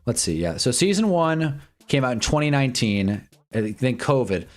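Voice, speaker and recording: Rambling young livestream host. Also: male voice, medium pitch, very animated. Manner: rambling, candid, swears and repeats himself; puts on quick voices for quoted people. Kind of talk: casual chat during a sports watch-along.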